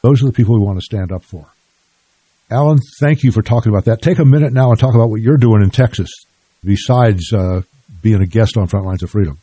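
An older man hosting a radio interview, measured and plain-spoken. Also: on the low side, dark tone, husky, no room sound. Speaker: radio host.

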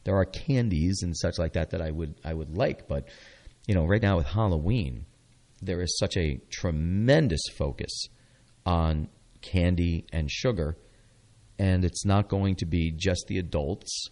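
A middle-aged man with a very deep voice hosts a local radio show. He rambles casually between topics, sprinkling in fillers and restarts. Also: a little slow, darkish tone. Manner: rambling, chatty, with many fillers. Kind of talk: casual chat.

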